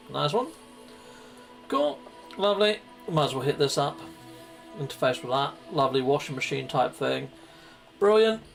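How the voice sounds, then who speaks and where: A British gaming streamer with a high, slightly bright voice and some vocal fry chats playfully about his gameplay as it happens. He greets viewers and lets out goofy exclamations.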